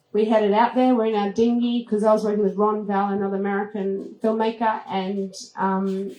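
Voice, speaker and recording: Woman, travel host, live talk, animated, laughs a lot, mid pitch, roomy echo. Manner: lively, laughs often, acts out moments with high squeals. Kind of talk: animated storytelling to an audience. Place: event room at a retreat. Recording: roomy echoing hall.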